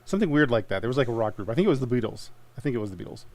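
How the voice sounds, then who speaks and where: A man's voice: mid-range voice, expressive, very fast, a little mellow. A young man hosting a live comic book sale stream, chatting casually and joking a lot. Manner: jokey, rambling, laughs often. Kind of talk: casual sales chat.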